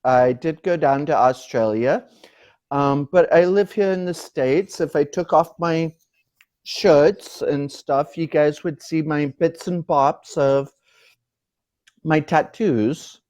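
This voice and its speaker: An older man born in the UK, a guest on an interview show, talks in an unhurried, joking way. He stops and restarts often, and his voice sits slightly high for a man. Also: a little mellow. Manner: joking, slow and halting.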